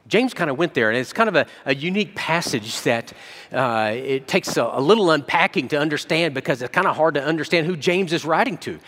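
A man preaching a sermon as a pastor, telling stories and jumping between soft low asides and excited quoted voices. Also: in a large hall.

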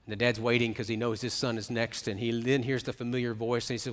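A middle-aged man preaching a sermon as pastor, swinging from hushed, quiet stretches to emphatic ones. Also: mid-range voice, flat delivery, fast talker, long reverb tail.

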